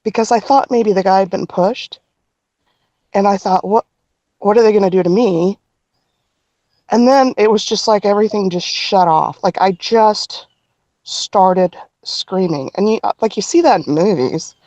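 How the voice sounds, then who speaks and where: A middle-aged woman telling a personal story as a podcast guest, earnest and halting, with frequent restarts. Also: medium pitch, darkish tone, no echo, lo-fi sound.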